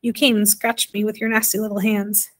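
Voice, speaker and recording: A woman voicing a nervous, boastful ten-year-old boy who speaks in a hushed, hoarse whisper that trembles a little. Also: medium pitch, flat delivery, fairly quick, natural voice. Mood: threatening, nervous.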